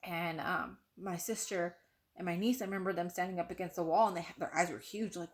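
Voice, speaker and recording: Young woman telling a story, animated. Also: fairly low pitch, moderate pace. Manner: animated, acts out quoted voices, frequent "like". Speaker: vlogger. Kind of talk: personal storytelling to camera.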